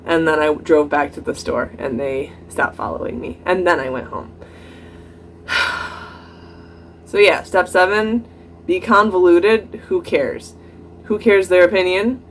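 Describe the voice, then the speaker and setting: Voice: medium pitch, a little slow, pauses often, slight background noise, rough recording. A young adult vlogger telling a personal story in a casual, chatty way, full of "like" fillers and laughing now and then. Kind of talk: casual story-time monologue.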